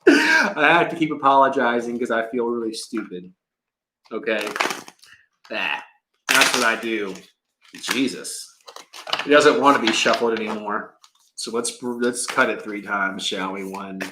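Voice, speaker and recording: Slow, profane man reading oracle cards. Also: mid-range voice, lively intonation, echoey room, noisy background. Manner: emotional, profane, rambling. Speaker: oracle card reader. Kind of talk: casual livestream rant and card reading.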